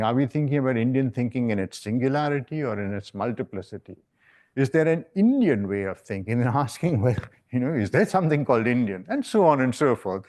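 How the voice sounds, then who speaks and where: In a lecture hall, a male professor gives an academic lecture in a discursive style, often checking in with listeners by tagging "right?" onto his points. His voice is mid-range and a little mellow.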